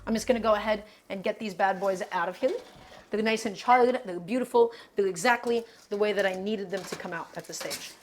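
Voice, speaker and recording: A woman's voice: medium pitch, a little fast, slight background noise. A woman hosting a cooking stream, chatting casually and playfully to her viewers as she cooks. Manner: chatty and playful, often says "my friends".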